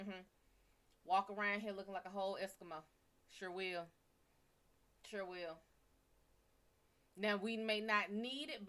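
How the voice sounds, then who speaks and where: A woman's voice: medium pitch, pushed and bright. A woman from the American South, chatting casually and profanely with viewers on a live stream. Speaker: live stream psychic reader.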